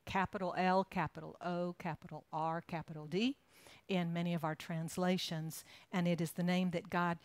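A woman's voice: lowish voice, flat delivery, normal speed, no echo. A woman pastor preaching a sermon in a conversational way, with easy asides to the congregation.

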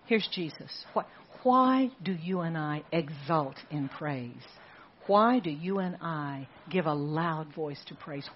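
A woman pastor preaching a sermon in a church, emphatic, with repeated phrases and slow, dramatic stresses. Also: low voice, animated, muffled recording, slight background noise. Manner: emphatic, rhetorical repetition with dramatic slowdowns. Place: church sanctuary.

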